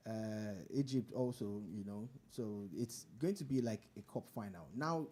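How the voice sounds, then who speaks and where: A man's voice: fairly low pitch, measured pace, mellow. Playful man talking football. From Nigeria. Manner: playful, dramatic, pidgin-tinged turns of phrase. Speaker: radio show co-host and football pundit. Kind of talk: casual radio banter and sports commentary.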